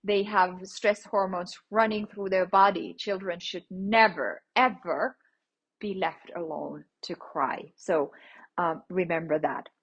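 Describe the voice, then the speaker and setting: A woman hosting a parenting podcast, explaining child-rearing principles in a gentle, teacherly way, often checking in with "okay?". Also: lowish voice, slow, breathy edge, lo-fi sound. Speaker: parenting podcast host, licensed clinical social worker. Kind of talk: instructive podcast talk.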